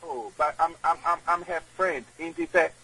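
A man, rambling in halting speech with many repeated words as an interview guest on radio. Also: a little high, flat delivery, pushed and bright, slight background noise, poor audio. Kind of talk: casual interview.

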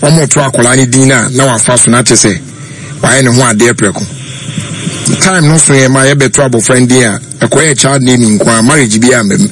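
A man hosting a radio talk show, speaking slowly and mostly listening with short murmurs. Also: mid-range voice, slight background noise. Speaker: radio host.

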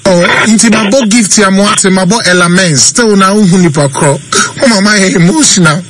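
A man with a Ghanaian accent hosting a call-in birthday show on radio, talking lively and mixing Twi and English. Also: high-pitched, normal speed. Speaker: radio host. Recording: noisy radio broadcast.

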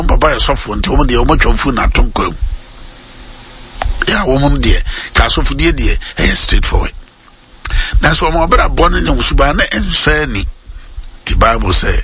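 A man hosting a radio sermon, preaching in a lively way, repeating phrases and dropping English words into his talk. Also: mid-range voice, a little hiss or hum.

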